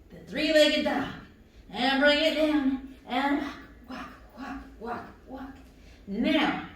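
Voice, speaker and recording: A woman's voice: high voice, far from the mic. A woman leading a guided yoga class for children and their adults, giving encouraging, playful instructions. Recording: echoey room, voice from off-mic.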